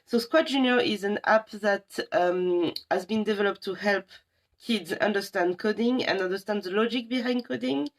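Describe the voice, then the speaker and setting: Chatty woman presenting for a library. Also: mid-range voice. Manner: chatty and enthusiastic, many pauses. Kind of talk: casual live app demo.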